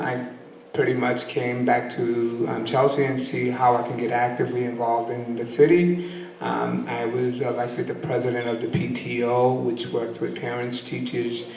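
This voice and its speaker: Older man candidate, earnest halting speech, echoey hall from far off, faint room hum. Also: mid-range voice, a little mellow. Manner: earnest, halting with many ums. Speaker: city council candidate. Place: community meeting hall.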